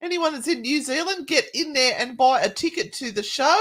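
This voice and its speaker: A woman's voice: high voice, expressive, brisk, fairly bright tone. A middle-aged woman co-hosting a paranormal live stream, chatting in a jokey way with the odd swear word. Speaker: paranormal livestream co-host. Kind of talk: casual live-stream chat.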